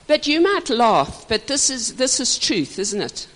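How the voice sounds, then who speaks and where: An older woman, a minister teaching couples, talking in an expressive, passionate way and laughing often. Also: on the high side, a little slow. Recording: reverberant hall.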